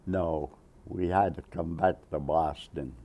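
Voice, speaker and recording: Old guy in his 90s, deep gravelly voice, slow and rambly, laughs at his own stories. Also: steady tone, mellow. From Massachusetts, USA. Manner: rambling storyteller, chuckles often, acts out quotes. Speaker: Navy veteran interviewee. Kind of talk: oral history interview.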